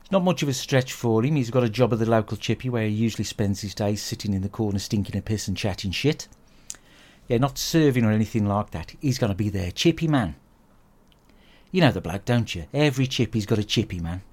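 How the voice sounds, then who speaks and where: A man's voice: fairly low pitch, expressive, brisk, a little mellow. A British man hosting a comedy podcast, reviewing an old film in a crude, sweary, grumbling rant. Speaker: podcast host. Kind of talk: comic film review monologue.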